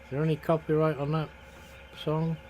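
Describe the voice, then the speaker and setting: Playing a game live, a Scottish streamer talks fairly quickly in a fairly high but dark voice with a completely flat delivery. He chats to viewers, jokes, laughs at his own mistakes and hums along, over poor audio with a little hiss or hum.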